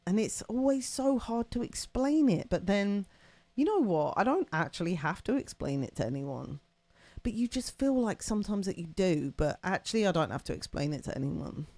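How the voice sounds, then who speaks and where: A woman's voice: mid-range voice, animated, normal speed, dark tone, no echo. Woman streamer rambling to chat, dry close mic, lots of "like" and laughs. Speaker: livestream host. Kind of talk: casual chat with live chat.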